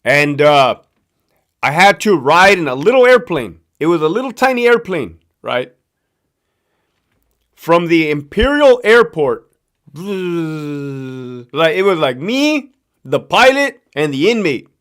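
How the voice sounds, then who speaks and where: Southern Californian man hosting a live chat, swearing and slangy, lively pitch that rises a little high. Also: slow pace, long pauses. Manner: slangy, profane, loose storytelling with lots of fillers. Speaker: livestream host, former prison guard. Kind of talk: casual live-stream chat reading viewer questions.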